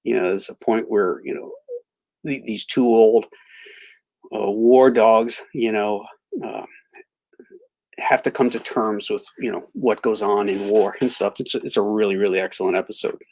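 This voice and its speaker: A man's voice: lowish voice, steady tone, darkish tone. Rambling middle-aged man telling stories. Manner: rambling, halting restarts, laughs easily. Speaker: livestream host. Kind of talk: casual storytelling and chat.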